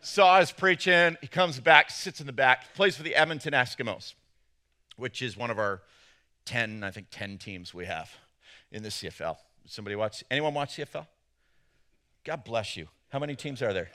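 Animated bright-voiced male preacher. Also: medium pitch, normal speed. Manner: animated storytelling, swinging from loud to hushed. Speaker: pastor. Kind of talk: sermon.

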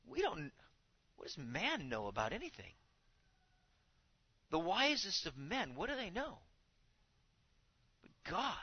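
A man preaching a sermon to his congregation, speaking with animated emphasis and now and then acting out the voices he quotes. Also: high-pitched, takes it slowly, pauses often, slightly rough, dull audio. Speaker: pastor.

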